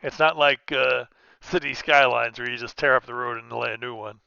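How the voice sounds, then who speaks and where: A man's voice: mid-range voice, steady tone, moderate pace, gravelly, bright, forceful tone, clear, resonant tone, no room sound, dull audio. A man giving casual commentary while playing a trucking game, rambling and cutting himself off with restarts. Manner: rambling, self-interrupting, chatty. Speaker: gaming streamer.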